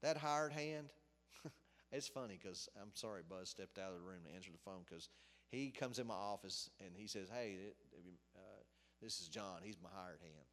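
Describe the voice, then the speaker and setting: A man's voice: sits low, moderate pace, a bit bright. A middle-aged man giving an informal sermon in a conversational, rambling way, with asides and restarts. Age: middle-aged or older. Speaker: preacher. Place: office. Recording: long hall reverb.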